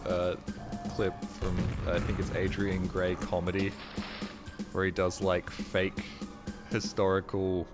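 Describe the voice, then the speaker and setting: A man streaming a video game live, tired and rambling, joking and swearing as he plays. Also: low voice. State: tired, ears ringing. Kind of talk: casual live gameplay commentary. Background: game music.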